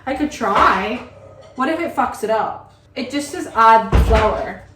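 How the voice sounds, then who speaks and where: In her home kitchen, a young woman vlogger talks casually to camera, rambling and saying "like" constantly. Her fairly high voice is animated but slow-paced, recorded in an echoey room with a noisy background.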